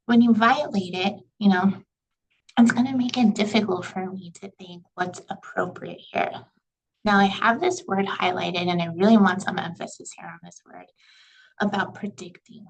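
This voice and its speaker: A young woman teaching a college communication class over slides, chatty and relaxed, often saying "like" and "you know.". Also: medium pitch, normal speed, rough recording. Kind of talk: recorded lecture over slides.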